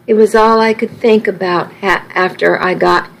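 A woman reading an audiobook, voicing a worried and loving man who pleads gently with his bride. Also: medium pitch, steady tone, moderate pace, vocal fry, natural voice, low-quality recording. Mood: worried, tender.

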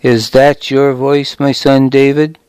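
A man's voice: medium pitch, little pitch movement, slow pace, darkish tone, smooth, no room sound, close to an everyday voice. A man doing a troubled aging king calling out. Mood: remorseful. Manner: crying out, remorseful.

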